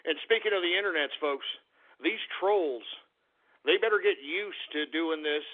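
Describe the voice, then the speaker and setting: A male talk radio host delivering an angry, profane monologue, repeating himself and bursting into shouts. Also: a little high, normal speed. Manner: repeats phrases over and over. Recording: tinny, phone-like lo-fi sound.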